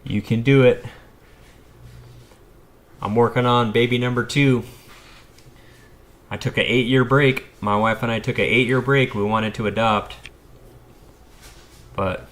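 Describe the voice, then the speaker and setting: An American electrician in his thirties rambles casually on a live stream, speaking directly to his viewers as a YouTuber. His voice is medium in pitch and a bit bright, and he takes his time, leaving long pauses.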